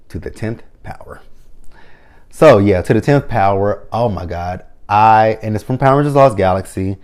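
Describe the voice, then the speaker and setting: A man giving casual, excited fan commentary as a vlogger, rambling and getting himself hyped up. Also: lowish voice. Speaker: vlogger ranking team-up episodes.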